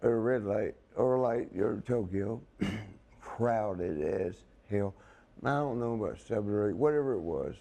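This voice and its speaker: Gravelly low-toned guy rambling thru old road stories, chuckling a lot. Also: lively intonation, a little slow, dark tone. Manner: rambling, laughing while telling stories. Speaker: wrestling guest. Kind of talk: casual storytelling chat.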